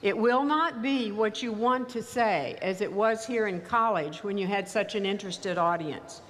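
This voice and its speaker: An older woman with a mild Texas accent, giving a commencement speech in a measured, wry storytelling manner. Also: medium pitch, slight background noise. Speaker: commencement speaker. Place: large ceremony venue. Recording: reverberant hall, faint ambience.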